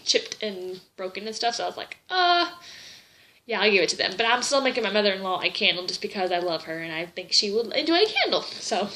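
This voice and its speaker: A woman's voice: medium pitch, pushed and bright, a little hiss or hum, rough recording. A young woman vlogging in a casual, rambling chat, gushing and a little tearful. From Southern United States.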